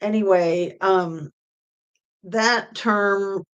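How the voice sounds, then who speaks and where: A woman's voice: mid-range voice, fairly even intonation, smooth, dull audio. A middle-aged woman hosting a true crime livestream, chatting casually with viewers in a rambling way full of fillers. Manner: rambling, with many fillers and pauses. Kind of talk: casual livestream chat reading viewer comments.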